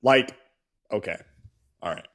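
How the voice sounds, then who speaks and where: Slow, sarcastic low-voiced man. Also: creaky, a bit bright. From American South. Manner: sarcastic, exasperated. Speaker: co-host. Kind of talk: political commentary rant.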